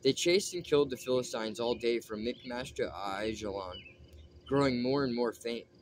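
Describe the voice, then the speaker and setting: A man's voice: medium pitch, slight background noise. Man reading scripture aloud. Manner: steady reading with small slips. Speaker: Bible reader.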